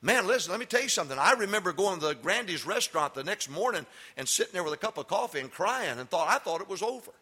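An older man, a pastor giving a sermon that swings from loud emphatic preaching to folksy storytelling. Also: high voice, sing-song, fast, hardly any pauses, breathy edge. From Texas.

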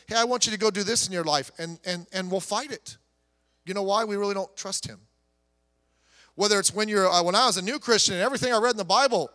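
Guy pastor preaching, high bright voice, big echo from the church hall around him. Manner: emphatic preaching that drops to soft storytelling. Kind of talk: sermon.

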